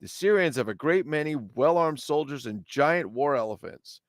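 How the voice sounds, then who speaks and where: Proud army commander for a kids' card, read aloud by a man in a higher put-on voice, slow and declaiming. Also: expressive, no echo, clean studio sound, lightly acted. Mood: rallying. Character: proud male army commander recruiting children. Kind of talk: reading a children's card aloud in character.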